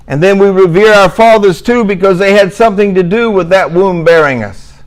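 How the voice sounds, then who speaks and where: A man's voice: sits high, brisk, low-quality recording. A middle-aged man giving a religious lecture, emphatic and given to sarcastic asides. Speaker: Muslim speaker giving a talk.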